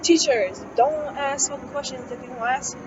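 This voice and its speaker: A woman's voice: sits high, steady tone, normal speed, lo-fi sound, noisy background. A young woman, a college student, talking casually and venting in a rambling way, swearing often and filling her speech with "like" and "um". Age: young adult. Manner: rambling, swears often, heavy use of "like" and fillers.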